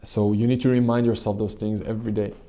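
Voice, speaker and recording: Man, low pitch, monotone, earnest, halting, motivational meditation talk. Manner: earnest, repetitive, halting restarts. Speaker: channel host and coach.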